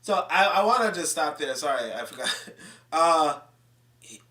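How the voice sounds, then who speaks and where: A man's voice: on the high side, animated, unhurried, long pauses, bright, forceful tone. A man hosting a live stream, talking casually in a rambling, profane and self-correcting way. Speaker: livestream host. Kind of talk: casual unscripted commentary.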